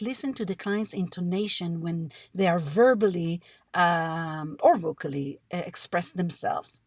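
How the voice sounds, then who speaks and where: A woman with a somewhat low voice walks listeners through a technique in an instructional presentation. Her delivery is measured and explanatory, dotted with small fillers. The recording is dry and close, with no room sound. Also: no room sound. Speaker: music therapist.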